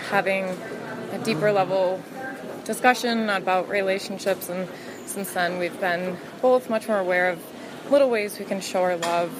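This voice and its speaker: A woman's voice: medium pitch, poor audio. A woman calling in to a podcast with a friendly, chatty, upbeat message. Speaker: podcast listener caller. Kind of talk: recorded voice message.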